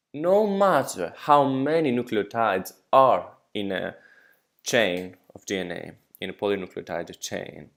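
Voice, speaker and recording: Greek guy going thru biology slides, lowish voice, asks ya questions as he goes. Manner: explains step by step, checks understanding with questions; corrects his own slides as he goes. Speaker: biology tutor. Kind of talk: lecture over slides.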